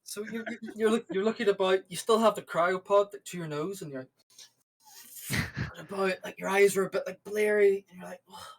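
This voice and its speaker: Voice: mid-range voice, a little fast, poor audio. A game master narrating a tabletop game in a loose, rambling way, full of fillers.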